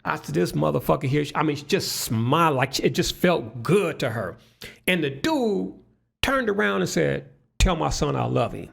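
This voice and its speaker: A man telling stories as a guest in a casual podcast conversation, animated and profane, with many restarts. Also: fairly high pitch, normal speed, creaky, breathy edge.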